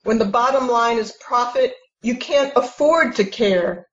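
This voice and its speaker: A woman giving an interview, speaking slowly and plainly, making pointed remarks. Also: a little high. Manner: slow, plain-spoken, pointed. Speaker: interviewee, partner. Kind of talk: conversational interview. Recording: echoey dull lo-fi sound.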